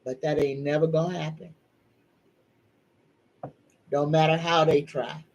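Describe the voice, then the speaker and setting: A woman's voice: sits low, flat delivery, a little slow, highs cut off. A middle-aged woman, hosting a live psychic chat in a folksy, emphatic, preachy way. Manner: tearful, soft-spoken. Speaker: psychic livestream host. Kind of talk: casual live-stream chat.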